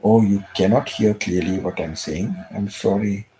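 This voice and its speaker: A man hosting a live stream from home, talking softly and emotionally, often repeating his words. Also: on the low side, steady tone, normal speed, slight background noise, low-quality recording. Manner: soft-spoken, repeats himself, emotional. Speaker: channel host.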